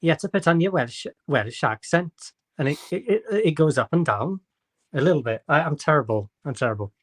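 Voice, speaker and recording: A man's voice: on the high side, expressive, a little fast. A man, a guest on a casual live-stream chat, making dry, wry quips.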